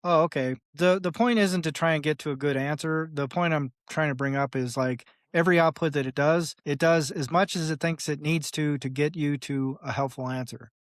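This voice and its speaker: Guy on a podcast rambling along, kinda high voice, dry close sound, does little voices for quotes. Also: a little fast, hardly any pauses, no echo. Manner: animated, acts out quoted dialogue in other voices; loose, rambling with frequent "like" and "right?". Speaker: podcast guest. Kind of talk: casual conversational interview.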